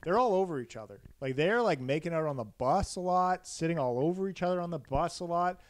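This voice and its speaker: A man hosting a casual chat show, telling a story in a joking, animated way. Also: fairly high pitch, brisk, dry recording. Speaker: podcast host.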